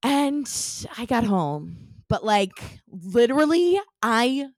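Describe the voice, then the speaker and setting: A woman's voice: on the high side, slow, no echo. A young adult woman co-hosting a podcast, telling a story in casual chat with many "like" fillers. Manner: animated storytelling, lots of "like" fillers. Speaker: podcast co-host.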